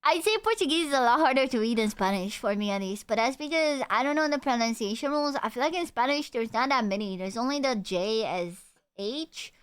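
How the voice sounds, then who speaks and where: A young woman chats casually with her live-stream audience. Her voice is clear and smooth and sits a little high. She rambles loosely, trailing off and restarting as she thinks aloud. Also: animated, fairly quick. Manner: chatty, talks to chat, trails off and restarts.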